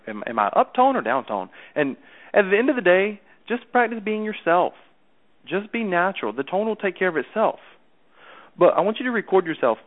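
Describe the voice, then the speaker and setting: A man coaching someone over the phone in a chatty way, often repeating himself and checking that he is understood. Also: a little high. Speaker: sales coach. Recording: tinny phone line.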